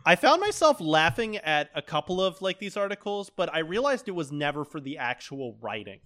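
A man co-hosting a podcast, giving his opinions in relaxed, thoughtful casual chat. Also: a little high, normal speed. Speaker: podcast co-host.

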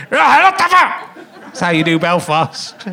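A man's voice: sits high, fairly bright tone. A man in his fifties hosting a live comedy podcast on a theatre stage, rambling and jokey as he teases the audience. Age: 50s.

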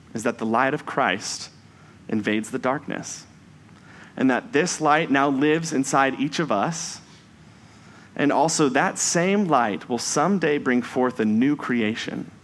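A man preaching a Sunday sermon in a measured, reflective way, slowing down for emphasis on key phrases. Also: mid-range voice, slight background noise.

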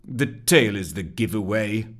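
A curt, pedantic office clerk, as a man reads him speaks in short, dry remarks. The voice stays close to the narrator's own, only slightly firmer. It carries a lively, up-and-down storybook tone. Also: lowish voice, a little slow. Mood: stern.

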